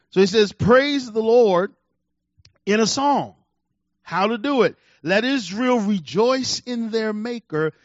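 Preacher guy, really high voice, goes from shouting to almost whispering, dry and kinda muffled sound. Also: no room sound. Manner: animated, swings from shouts to near-whispers. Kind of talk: sermon.

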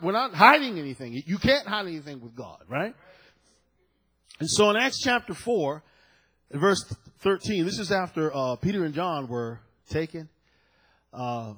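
A man preaching a sermon, moving between quiet, low asides and loud, shouted peaks. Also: slightly rough, poor audio.

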